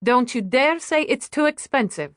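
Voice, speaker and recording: A woman's voice: mid-range voice, animated, a little slow, no room sound, studio quality, close to an everyday voice. A woman voicing a cheerful older female waitress who sounds grandmotherly and welcoming. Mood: insistent. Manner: bright, bustling, welcoming.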